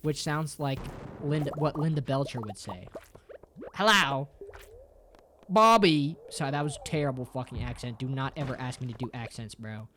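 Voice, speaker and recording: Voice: brisk, few pauses. A streamer chatting casually with viewers in a playful, jokey way, swearing a lot and ending sentences with "bro". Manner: playful and jokey, with big jumps up and down in pitch. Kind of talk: casual livestream chat with viewers.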